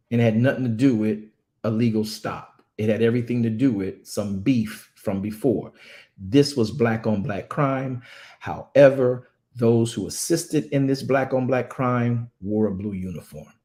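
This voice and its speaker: A man's voice: mid-range voice, moderate pace, a little mellow. A man from a ministry giving impassioned commentary, emphatic and repetitive, often stammering as he restarts phrases. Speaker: ministry speaker.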